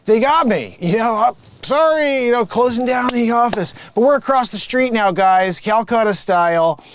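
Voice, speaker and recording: A man's voice: very high-pitched, expressive, moderate pace, pitched above the performer's own voice. A man improvising a sleazy, smug phone scammer boss who mocks his coworkers and cons callers. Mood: mocking. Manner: smug, mocking, laughing at his own lines. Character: sleazy male phone scammer boss posing as tech rebate agent. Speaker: improv comedian. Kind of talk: improvised comedy sketch.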